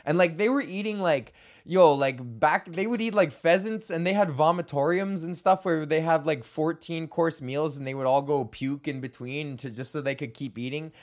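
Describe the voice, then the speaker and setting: A man's voice: a little high, normal speed. A young man from Canada hosting his own podcast, rambling casually while stoned, swearing a lot and laughing often. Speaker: podcast host.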